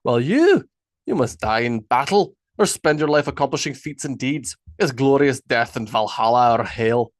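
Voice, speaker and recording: A man's voice: medium pitch, expressive, moderate pace, no echo, studio quality, natural voice. A man reading an audiobook, voicing a stern older Christian Viking warrior with a thick accent and a preachy manner. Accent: thick unplaced accent put on.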